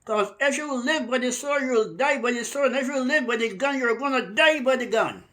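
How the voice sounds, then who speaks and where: A man from Barbados preaches with fire, his voice pitched high for a man. He hammers each point and slows right down to lean on the words that matter most. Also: a bit bright. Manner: emphatic, stretches key words slowly. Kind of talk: fiery preaching monologue.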